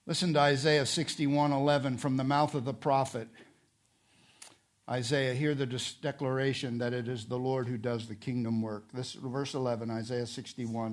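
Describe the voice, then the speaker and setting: A man preaching a sermon, repeating his points and asking rhetorical questions, swinging from quiet to loud and emphatic. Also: medium pitch, steady tone, a little slow. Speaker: pastor.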